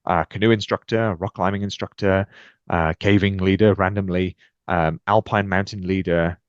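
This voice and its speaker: A British podcast guest with a very deep voice tells lively stories from his own life at a normal, smooth speed, acting out conversations with energetic shifts. There's no echo; the recording is dry and close, with a dull, muffled edge.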